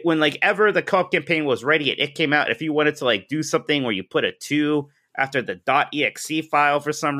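A man co-hosting a casual podcast who gives animated opinions and laughs while talking. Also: a little high. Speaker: podcast co-host. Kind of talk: casual chat.

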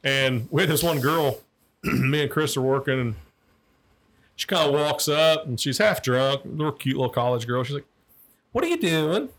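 A man's voice: mid-range voice, fairly even intonation, moderate pace, fairly bright tone. A man, a former liquor enforcement agent, telling rambling, profane stories in casual chat, repeating words as he restarts sentences. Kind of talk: casual anecdotal storytelling.

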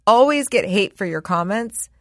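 A woman's voice: mid-range voice, animated, moderate pace, dry recording, clean studio sound. A woman co-hosting a podcast in casual chat, speaking bluntly with swearing and often acting out what others say. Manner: blunt and profane, acting out quoted remarks. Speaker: podcast co-host.

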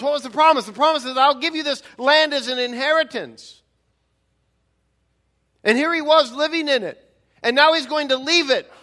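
A man's voice: very high voice, bright, forceful tone. A man preaching a sermon, emphatic, with rhetorical questions and frequent repeated words. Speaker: pastor.

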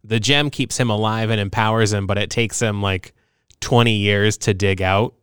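A man's voice: lowish voice, fairly even intonation, normal speed, a bit bright, smooth, no room sound, studio quality. A man co-hosting a podcast, chatting casually and rambling with lots of fillers and crude jokes. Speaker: podcast co-host. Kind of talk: casual chat.

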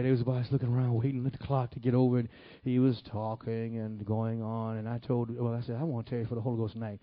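A man from the Detroit area preaching, telling his testimony in an animated, folksy way. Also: mid-range voice, no room sound. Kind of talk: sermon testimony storytelling. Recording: dull lo-fi, dry sound.

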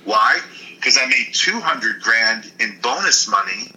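A former football player from Michigan, a man telling blunt, animated stories in an interview. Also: fairly low pitch, measured pace, poor audio. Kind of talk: storytelling interview.

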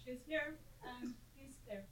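A woman's voice: high-pitched, fairly even intonation, measured pace, a crowd in the background, rough recording. Australian woman giving short reluctant answers. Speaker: audience member. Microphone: distant, picked up from the crowd.

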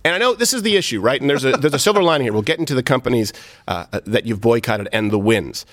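A man's voice: medium pitch, lively intonation, fast, fairly bright tone, no room sound, studio quality. A man hosting a comedic political talk show, sarcastic and joking. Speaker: show host.

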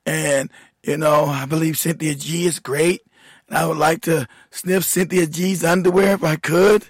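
A man mocking a slow, sappy simp. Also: on the high side, steady tone, husky, dry recording. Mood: fawning. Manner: slow, drawling, sappy mockery. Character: fawning, dim-witted young man mocked as a simp.

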